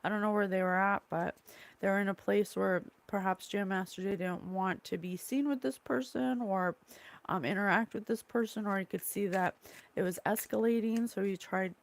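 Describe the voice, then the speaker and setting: A woman medium channels spirit at home, speaking in a rambling, halting flow. She stops to blurt out single words she says come from spirit. Her mid-range voice has a gravelly fry to it. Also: mid-range voice, steady tone. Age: adult, mother of a young child. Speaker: psychic medium host. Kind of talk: solo spirit channeling monologue. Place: at home, in a room with curtains and a candle.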